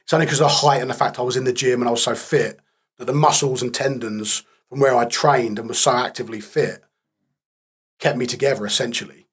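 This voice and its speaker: A man as a podcast guest, telling his story candidly in a blunt, matter-of-fact way with dark humour. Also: mid-range voice, steady tone, fast, slightly rough.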